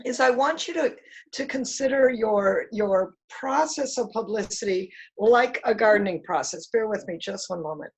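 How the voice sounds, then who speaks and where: A woman giving an energetic, upbeat talk to a business group over a video call, with a husky voice. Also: medium pitch, poor audio. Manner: energetic, upbeat, coaching tone with filler words. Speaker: guest speaker on publicity.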